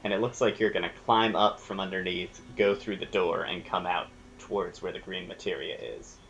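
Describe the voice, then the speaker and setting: A man's voice: sits low, normal speed, fairly bright tone, highs cut off, soft background music. A man hosting a gameplay video, chatting casually and explaining the game's mechanics as he thinks aloud. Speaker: let's play host.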